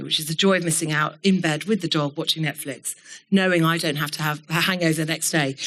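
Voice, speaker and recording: A middle-aged woman giving a keynote talk to a live audience, telling stories in a candid, animated way and swearing now and then. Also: mid-range voice. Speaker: keynote speaker. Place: event studio before an audience.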